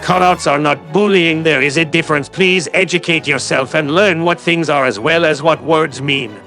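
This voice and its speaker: A man's voice: fairly high pitch, fairly even intonation, normal speed, sharp tone, soft background music. A man giving a sarcastic, condescending callout commentary as a YouTube commentator.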